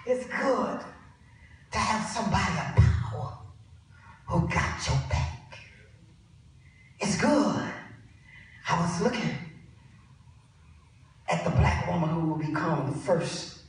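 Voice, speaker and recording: A woman preacher delivering a sermon with impassioned delivery, dropping to a hush and rising to shouts, in a large church. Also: fairly low pitch, slight background noise. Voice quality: impassioned, swings from hushed to shouted. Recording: echoey church hall from far off.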